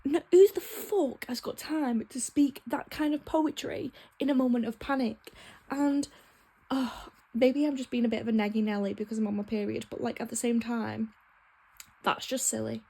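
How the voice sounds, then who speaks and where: A woman's voice: fairly high pitch, fairly even intonation, normal speed, gravelly, warm tone, breathy edge. A young woman chatting casually in a vlog, frank and ranting, swearing freely. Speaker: book vlogger.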